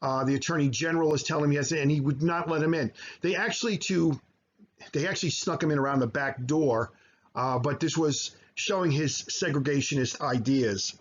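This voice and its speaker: A man's voice: a little high, normal speed, a little hiss or hum. Man, teacher, recorded slideshow lecture, filler-heavy explaining, lo-fi sound. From United States. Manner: explanatory, with frequent fillers and self-corrections. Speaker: high school history teacher.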